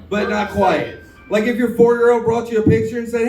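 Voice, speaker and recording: Speaking briskly in a high, slightly mellow voice, a man performs stand-up on a bar stage with a handheld mic, his jokes drawled and self-deprecating. He's captured from far off in an echoey bar full of crowd noise.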